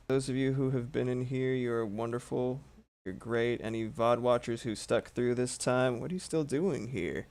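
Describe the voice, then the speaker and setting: A sleepy man talking through a drawing stream in loose, rambling chat. He swears freely and pokes fun at himself, with a voice of middling pitch for a man. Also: a little mellow. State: sleepy, yawning. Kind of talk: casual chat while drawing.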